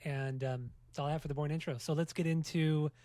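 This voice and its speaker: A man hosting a casual music podcast, bantering fast and joking with profanity. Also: on the high side, fairly even intonation, mellow, no room sound. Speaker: podcast host.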